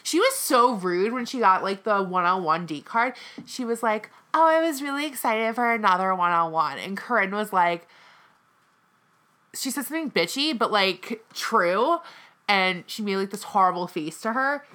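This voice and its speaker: This is a young woman from the American South with a bright, sharp edge to her voice. She talks in an opinionated, dramatic way and keeps breaking into exaggerated high-pitched impressions of people. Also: animated, unhurried. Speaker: co-host. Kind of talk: casual reality-TV recap chat.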